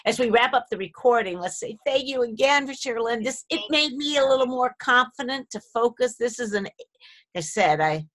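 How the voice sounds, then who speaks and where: A woman's voice: on the high side, expressive, a little fast, a bit bright. A woman hosting a casual video call chat, friendly as she guides the talk and wraps it up. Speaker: host.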